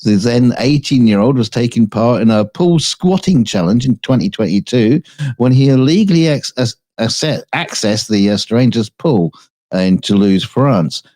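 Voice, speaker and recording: A man's voice: medium pitch, lively intonation, moderate pace, mellow. A man co-hosting a casual comedic news show, reading odd stories and joking between them with frequent laughs. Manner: laughs often, joking asides.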